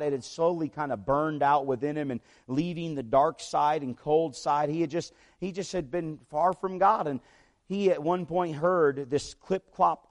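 A man preaching a sermon, telling a story in a conversational way and checking in with the congregation. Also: a little high. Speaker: pastor.

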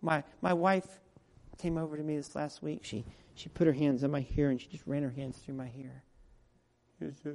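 A man preaching a sermon as pastor, talking in a conversational way that drops to quiet asides and rises to loud, emphatic peaks. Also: a little high, little pitch movement, moderate pace, vocal fry. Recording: long reverb of a large hall.

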